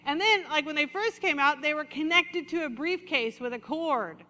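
A woman pastor preaching a sermon, leading the congregation in call-and-response and slowing down for emphasis. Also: high voice, sharp tone. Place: church sanctuary. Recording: reverberant hall.

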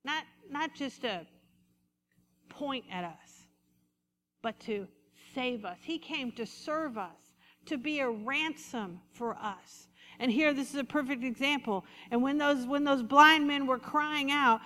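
A woman pastor preaching a sermon, leading the congregation in call-and-response and slowing down for emphasis. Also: high voice, bright, forceful tone. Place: church sanctuary. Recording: reverberant hall.

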